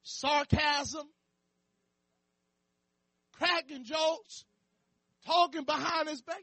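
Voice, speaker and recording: High, bright-voiced fervent male preacher. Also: animated, a little slow, dry recording. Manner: fervent preaching, sprinkled with "amen" and questions to the crowd; rises to impassioned shouting. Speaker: pastor. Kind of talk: sermon. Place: church.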